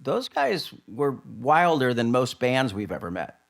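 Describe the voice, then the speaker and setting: A man hosting a podcast tells road stories with energy, jumping in quickly. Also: mid-range voice, wildly swooping pitch, creaky, dry recording, studio quality. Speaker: podcast host. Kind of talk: casual podcast storytelling.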